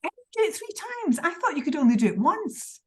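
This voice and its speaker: A woman on a group video call tells a lively story about a driving mishap. She chats easily and laughs along with the others. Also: high voice, brisk.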